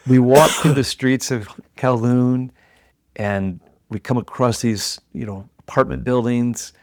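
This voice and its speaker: A middle-aged man telling a story as a podcast guest, animated and acting out the voices of the people in it. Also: medium pitch, unhurried, no room sound. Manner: animated storyteller who acts out quoted voices.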